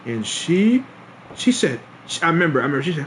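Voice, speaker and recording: A man's voice: a little high, very animated, fast talker, fairly bright tone, a little hiss or hum. A young man streaming a casual storytime, laughing often and restarting his sentences in slangy talk.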